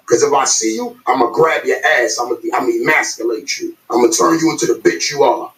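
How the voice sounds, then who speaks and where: A man's voice: mid-range voice, fast, few pauses, a bit bright, roomy sound, poor audio. A man, arguing in a heated podcast debate, emphatic and profane, repeating himself to make a point. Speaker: podcast co-host.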